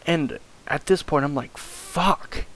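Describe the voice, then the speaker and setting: A man's voice: mid-range voice, moderate pace, fairly bright tone, a little hiss or hum. A man telling a rambling comedic story, stammering and repeating words and swearing often.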